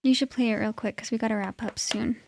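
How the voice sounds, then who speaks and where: A woman's voice: a little high, fairly even intonation, fast, gravelly, a little mellow. A woman co-hosting a live stream, talking informally about a trial, with lots of "like". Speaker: co-host. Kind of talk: casual live-stream chat.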